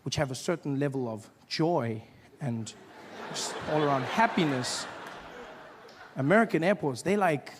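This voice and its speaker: A man from South Africa doing stand-up comedy, acting out shouting officials in animated voices. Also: on the high side, measured pace, pauses often. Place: stage before a live audience. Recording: live show with audience noise.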